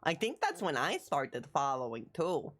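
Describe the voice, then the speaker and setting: Woman livestreamer, excitable and rambling, animated pitch swings, slightly low voice. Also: measured pace. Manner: excitable, rambling, repeats phrases. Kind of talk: casual live-stream chat.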